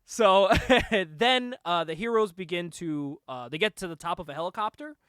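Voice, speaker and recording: A man hosting a casual podcast chat, retelling a movie in an animated way, acting out the characters' lines and laughing often. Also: sits high, normal speed, smooth, no echo, clean studio sound. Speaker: podcast host.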